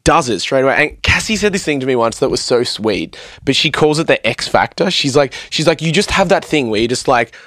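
A man's voice: medium pitch, fairly quick, hardly any pauses, dry recording, studio quality. Sweary young man telling stories. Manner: rambling, sweary, animated storytelling. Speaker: podcast guest, vocalist and producer. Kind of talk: casual podcast chat. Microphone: studio mic on a stand.

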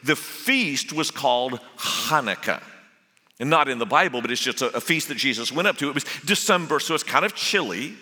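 A man's voice: medium pitch, lively intonation, normal speed, pushed and bright. A man giving a sermon as a guest preacher, telling the story with humor. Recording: echoey hall.

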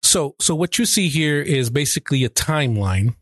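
A talk show host with a fairly high, fairly bright voice and lively intonation casually guides viewers through a chart at normal speed. The studio-quality recording has no room sound.

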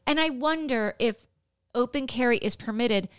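Woman co-host, indignant and chatty, smooth slightly high voice, dry close mic. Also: normal speed, no echo. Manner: indignant, conversational. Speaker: podcast co-host. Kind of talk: casual political chat.

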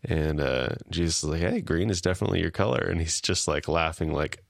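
Low-pitched male co-host retelling scenes, dry and close. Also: fairly quick, creaky, dry recording. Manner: retelling scenes, acting out lines lightly. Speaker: podcast co-host. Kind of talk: casual episode recap.

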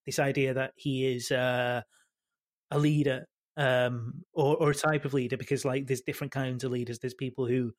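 A man, a football podcast panelist talking in a halting way full of restarts. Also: mid-range voice, flat delivery. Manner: halting, many restarts and fillers. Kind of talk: casual football chat.

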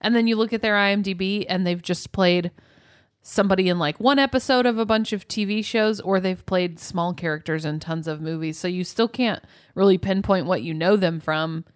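A woman co-hosting a podcast in casual chat, teasing and cutting in with quick questions. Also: on the low side, smooth. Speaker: podcast co-host.

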